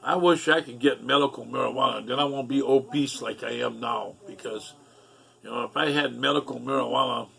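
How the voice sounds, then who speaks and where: A man's voice: mid-range voice, steady tone, brisk, gravelly, sharp tone. A middle-aged man telling a rambling personal story in a casual, profane, aggrieved way.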